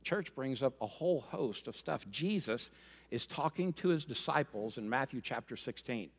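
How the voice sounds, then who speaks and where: A man preaching a sermon as pastor, lively and joking, calling for responses from the congregation. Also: mid-range voice, normal speed, husky. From Rhode Island and Florida. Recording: long hall reverb.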